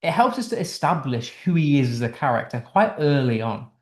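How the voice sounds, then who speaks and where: A man's voice: mid-range voice, sing-song, a little fast, reverberant. A man teaching English literature in a casual online lesson, explaining a text line by line in a chatty way with restarts, from the United Kingdom.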